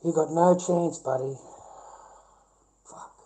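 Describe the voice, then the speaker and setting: A man's voice: a little high, steady tone, slow, mellow, poor audio. Foul-mouthed rambling Australian man. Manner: swears constantly, repeats himself, calls listeners mate and bro. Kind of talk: rambling livestream monologue.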